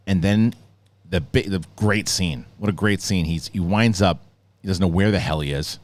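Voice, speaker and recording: Male host, deep voice, casual rambling reviewer who retells scenes with energy. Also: brisk. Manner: rambling, restarts often, animated retelling.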